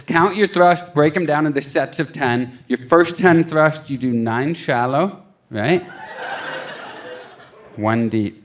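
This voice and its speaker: A young adult man performing a stand-up comedy set on a club stage into a handheld mic, telling a story with lively acted-out quotes. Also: mid-range voice, a little hiss or hum. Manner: animated storytelling, acting out quotes.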